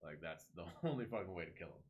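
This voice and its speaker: A man's voice: sits low, fast talker. A young man co-hosting a podcast, telling a movie story in casual chat, swearing freely and acting out the characters' lines. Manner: animated storyteller, swears a lot, acts out voices. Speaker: podcast co-host.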